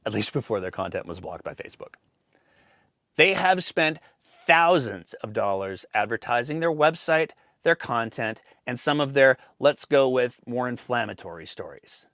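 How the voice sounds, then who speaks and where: A man's voice: mid-range voice, lively intonation, normal speed, fairly bright tone, dry recording, studio quality. A man hosting a show, reading scripted political commentary in a pointed, sarcastic manner. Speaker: host.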